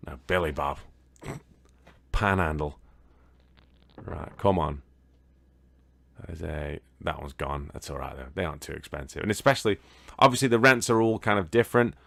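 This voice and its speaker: A man's voice: a bass voice, lively intonation, normal speed, creaky, long pauses, fairly bright tone, no echo. A British man casually commentating as he plays a board game video game, rambling and swearing now and then. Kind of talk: casual let's-play commentary.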